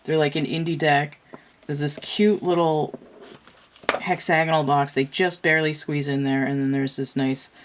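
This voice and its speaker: Brief: woman card reader, unusually low voice, chatty and rambling, stuffed-up from a cold. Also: level tone, normal speed, a little hiss or hum. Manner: rambling, chatty, with many fillers and restarts. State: congested from a cold. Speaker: tarot and oracle card reader. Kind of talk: casual chat while doing a card reading.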